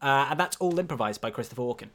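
A man's voice: medium pitch, expressive, rapid-fire, a bit bright. A man recapping a film in casual chat, rambling with many fillers and acting out lines. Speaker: podcast co-host.

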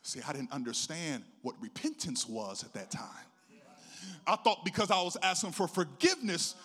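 A middle-aged pastor tells his personal story in a sermon, his preaching cadence lilting and building from quiet to loud. The voice is fairly high and animated, at a normal speed.

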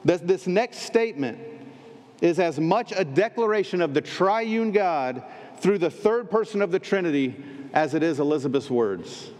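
A man's voice: high-pitched, lively intonation, moderate pace, a little mellow. A male pastor preaching a sermon with emphatic, repeated phrases in threes. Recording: long reverb in a large hall.

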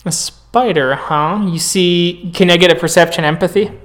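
A man's voice: sits high, moderate pace, fairly bright tone. A man narrating as game master in a tabletop game, brief and matter-of-fact.

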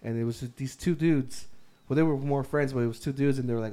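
A man's voice: medium pitch, quick pace, warm tone. A young man in casual chat with friends, telling a rambling, profanity-filled story and laughing as he goes. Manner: rambling, swears a lot, laughs through his story.

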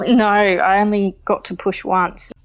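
A woman in her thirties talks through a personal story in a relaxed, chatty way, slipping into little quoted voices as she goes. Her voice sits at a middle pitch, and the recording sounds a little dull and lo-fi. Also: measured pace. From Australia. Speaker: guest. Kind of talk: casual interview storytelling. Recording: slightly dull lo-fi audio.

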